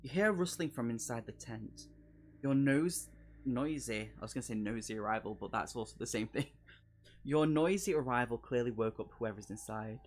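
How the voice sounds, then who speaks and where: A man's voice: mid-range voice, moderate pace. Chatty man streaming a gamebook. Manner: chatty and jokey, laughing asides between read passages. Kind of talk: live solo gamebook playthrough.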